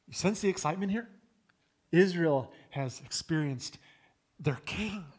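Male pastor, high voice, emphatic sermon delivery with loud peaks and quiet drops. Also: lively intonation, measured pace, pauses often, husky.

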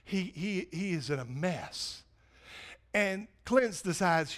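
A man preaching a sermon to his church, swinging from loud urgency to hushed, near-whispered pleading. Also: high voice, expressive, slow pace. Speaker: pastor.

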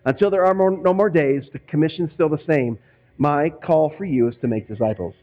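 Chatty pastor guy from northwest indiana preaching, kinda high voice, muffled lo-fi sound. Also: brisk. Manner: conversational, acts out quoted voices. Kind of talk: sermon.

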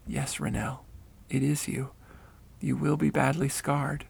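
A calm grandmother spirit in a spoken story speaks softly but firmly, slightly lower than the narration, as a man reads her. The voice has a gravelly edge and sits at a middle pitch for a man. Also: a little slow, no room sound, heavily acted. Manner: quiet and firm.

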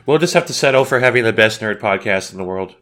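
A man's voice: fairly low pitch, lively intonation, fast, fairly bright tone. A man co-hosting a podcast in casual chat, playful and campy, telling stories with a grin. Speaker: podcast co-host.

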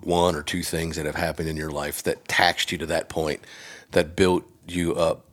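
Very deep, husky male podcast host. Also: level tone, moderate pace, a bit bright. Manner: chatty, brief affirmations. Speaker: podcast host, golf teacher. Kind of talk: casual interview.

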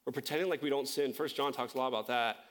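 A man preaching a sermon as pastor, impassioned and conversational, climbing high and slowing down on key phrases, with self-correcting asides. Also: fairly even intonation, fairly bright tone.

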